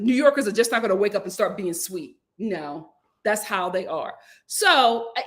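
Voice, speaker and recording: A woman giving casual, sassy commentary on reality TV, talking in a colloquial, animated way. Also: on the high side. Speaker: reality TV reviewer.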